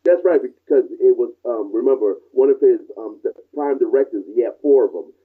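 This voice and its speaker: A man's voice: mid-range voice, husky, narrow, tinny audio. A man who is the host's father and guest, chatting casually and agreeably about a film. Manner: agreeable, quick to chime in. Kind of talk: casual chat.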